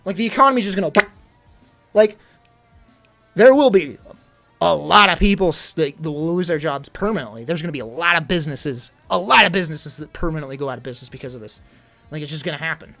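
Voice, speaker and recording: A man's voice: fairly high pitch, animated, quick pace, vocal fry, fairly bright tone, soft background music. A young man venting in casual livestream chat, rambling and exasperated, full of fillers.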